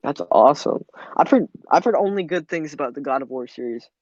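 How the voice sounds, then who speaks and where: A man's voice: a little high, lively intonation, brisk, a little mellow, dry recording. A man co-hosting a casual gaming podcast, laid-back, mostly giving short replies. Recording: dull lo-fi mic.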